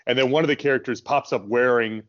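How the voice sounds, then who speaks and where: A man co-hosting a podcast, chatting casually about films and working through his points out loud. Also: mid-range voice, steady tone, fast talker, lo-fi sound. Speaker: podcast co-host. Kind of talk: casual film discussion.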